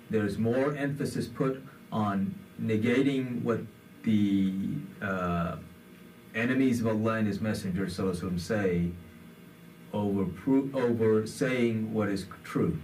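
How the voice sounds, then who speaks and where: A man's voice: lowish voice, darkish tone, far from the mic, slight background noise. A man giving a conversational sermon, with many fillers, in a community center hall. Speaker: imam.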